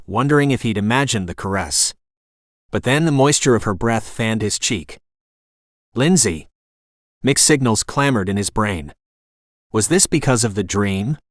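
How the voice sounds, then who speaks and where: A man's voice: lowish voice, fairly bright tone, no room sound. Man reading an audiobook in a dry voice. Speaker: audiobook narrator. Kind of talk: scripted narration.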